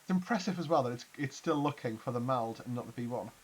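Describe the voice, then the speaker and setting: A man hosting his channel, giving chatty, excitable gameplay commentary with mouth-made explosion noises. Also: medium pitch, quick pace, slightly rough. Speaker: video game channel host.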